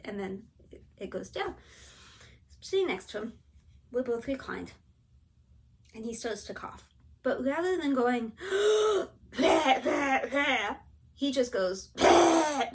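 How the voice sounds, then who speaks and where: A middle-aged woman with a fairly high voice tells a personal story to her viewers. She is chatty and animated, and she acts out the people she quotes along the way. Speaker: cross-stitch vlogger. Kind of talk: casual storytelling vlog.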